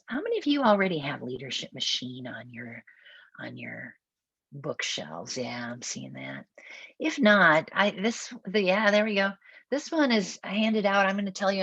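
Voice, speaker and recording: A woman with a Minnesotan accent facilitates a webinar roundtable, speaking conversationally and thinking aloud with small restarts. Her voice is extremely low with vocal fry, a bit bright and slightly rough, recorded without echo.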